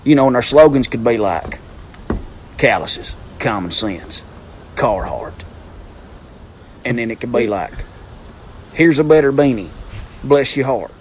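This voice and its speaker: A man's voice: mid-range voice, expressive, unhurried, long pauses, a little hiss or hum, close to an everyday voice. A man putting on a folksy Southern country man with a drawling Southern US accent, homespun and slightly off-mic.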